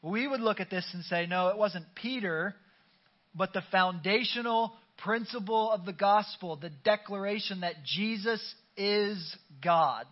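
A man's voice: high-pitched, a little slow, highs cut off. A pastor preaching a conversational sermon to his congregation, urging them to call back their response. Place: church sanctuary.

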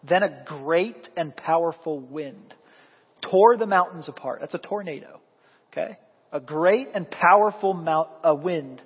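Husky-voiced male pastor preaching in a hall. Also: on the high side, a little slow, long pauses. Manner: animated preaching, quizzing the congregation. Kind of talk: sermon. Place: church sanctuary. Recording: echoey hall, dull lo-fi sound.

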